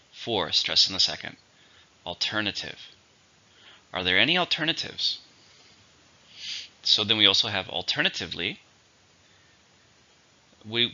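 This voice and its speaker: A man's voice: on the low side, sharp tone. A man teaching English vocabulary in a methodical way, saying each word, counting its syllables and giving an example sentence. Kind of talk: vocabulary lesson. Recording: dull lo-fi audio.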